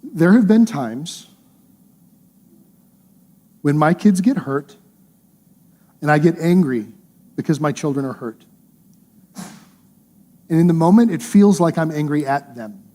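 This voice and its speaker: Earnest, mellow-voiced male preacher. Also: on the high side, unhurried, pauses often. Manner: earnest, conversational preaching with emphatic repetition. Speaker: pastor. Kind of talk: sermon.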